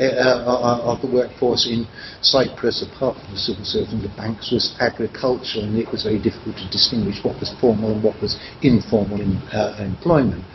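Halting older male lecturer, muffled recording. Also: medium pitch. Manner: halting, many ums and restarts. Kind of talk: academic lecture. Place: lecture room. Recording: dull, noisy lecture recording.

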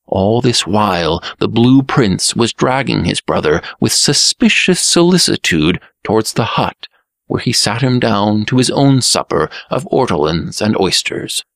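A man narrating a fairy tale aloud in a lively, expressive reading. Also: fairly low pitch, measured pace, gravelly, no room sound, studio quality. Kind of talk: storybook narration.

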